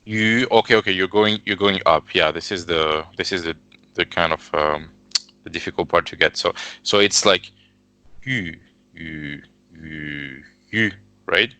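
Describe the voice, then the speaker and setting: Deep-voiced hesitant man learning tones. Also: steady tone, moderate pace, pushed and bright, clear, resonant tone, dry recording. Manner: hesitant, repeats sounds, many fillers. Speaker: student. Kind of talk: learner practicing pronunciation.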